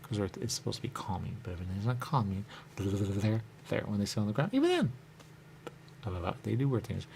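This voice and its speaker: A man's voice: on the low side, fairly quick, gravelly, a little mellow, a little hiss or hum. A man hosting a radio show, talking in a rambling, repetitive solo monologue and saying the same catchphrase again and again. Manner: repetitive, drifting, says "there you go" often.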